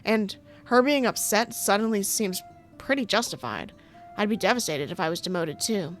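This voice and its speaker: A woman's voice: medium pitch, expressive, normal speed, faint music behind. Chatty woman streaming a dating sim. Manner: playful, chatty, sarcastic asides, frequent laughter. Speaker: game streamer. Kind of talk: playthrough reading game text with chatty commentary.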